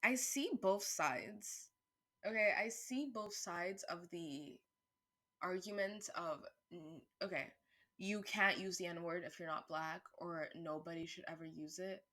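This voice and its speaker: A woman vlogger thinking aloud in a casual monologue, rambling with restarts, swearing freely, and turning louder and higher when worked up. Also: unhurried. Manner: animated, rising pitch and volume when worked up.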